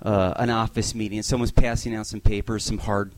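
A man's voice: on the low side, little pitch movement, brisk, slight background noise. A man doing a stand-up set on a club stage, complaining in exasperated rants and acting out the people he mocks. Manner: exasperated rants with acted-out voices. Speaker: stand-up comedian.

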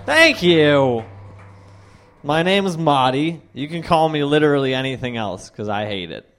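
A young man doing a stand-up set, telling wry stories and acting out other people's lines in quick asides. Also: fairly high pitch, big pitch swings, fairly bright tone, faint music behind. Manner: wry storytelling with voiced asides. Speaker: stand-up comedian.

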